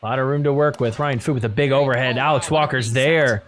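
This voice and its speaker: A man hosting a podcast, recapping match highlights in casual play-by-play style, chuckling often and doing quick voices for the players. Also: fairly even intonation, fairly bright tone. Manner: impersonates players in quick asides. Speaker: podcast host.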